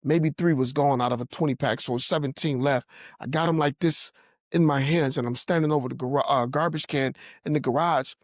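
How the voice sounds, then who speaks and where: A man's voice: mid-range voice, fairly even intonation, brisk, no room sound, studio quality. A man sharing a personal faith testimony in earnest storytelling, acting out the voices of people he quotes. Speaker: podcast guest telling his testimony.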